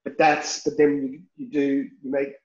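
A man's voice: mid-range voice, level tone, moderate pace, darkish tone. A man, a film director talking frankly in an interview and swearing casually. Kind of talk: candid interview talk. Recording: roomy, slightly dull recording.

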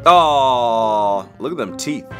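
A man hosting a video, reacting to clips with animated, joking, exclamatory commentary. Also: medium pitch, slow, faint music behind. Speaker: YouTube host.

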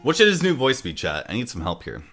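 A man's voice: mid-range voice, huge pitch swings, fast talker, over music. A man streaming a game, chatting casually with his viewers in a joking, profane way. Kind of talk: casual gaming commentary.

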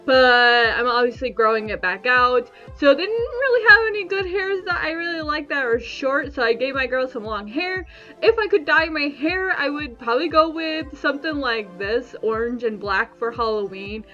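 A woman's voice: sits high, lively intonation, normal speed, pushed and bright, dull audio, faint music behind. A woman giving bubbly, giggly, chatty commentary while playing a video game. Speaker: gaming YouTuber. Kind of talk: casual let's-play commentary.

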